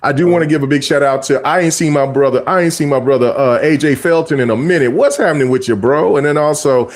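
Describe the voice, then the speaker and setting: Man, podcast host, casual gaming chat, slightly high pitch, rambling, lots of restarts. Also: fast. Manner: animated, rambling with restarts and fillers.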